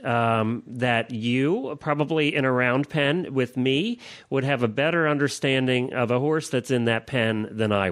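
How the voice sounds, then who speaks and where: Male host, mid-pitched, relaxed, laughs easily, restarts his sentences. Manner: easygoing, laughs often, hesitant restarts. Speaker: podcast host. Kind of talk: casual interview talk.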